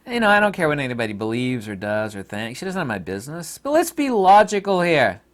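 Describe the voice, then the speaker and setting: A man giving an impassioned monologue to camera about Buddhism, emphatic and combative, swinging between loud outbursts and quiet asides. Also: a little high, wildly swooping pitch, fairly quick. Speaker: video lecturer on Buddhism.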